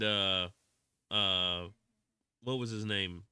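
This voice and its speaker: A man's voice: low-pitched, expressive, moderate pace, long pauses, sharp tone, no echo, clean studio sound. A man with a Southern US drawl, chatting casually on a live game stream, rambling and reading viewers' comments aloud. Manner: rambling, restarts often, reads chat aloud. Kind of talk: casual live-stream chat while playing.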